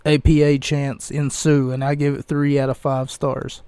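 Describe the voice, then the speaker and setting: A young man hosting a casual podcast, rambling through reviews with many fillers, pauses and restarts. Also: medium pitch, level tone, mellow, smooth, no room sound. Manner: slow, halting, many fillers and self-corrections. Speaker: podcast host reviewing wrestling events.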